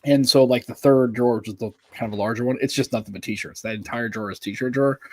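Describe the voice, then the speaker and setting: An American man co-hosts a live podcast, chatting casually and rambling through stories in a fast, medium-pitched, slightly mellow voice.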